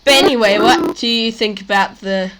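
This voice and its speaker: A woman's voice: mid-range voice, moderate pace, heavy background noise. A young woman hosting a casual tech news chat, rambling with many fillers and restarts, her mouth a bit dry. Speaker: tech show host.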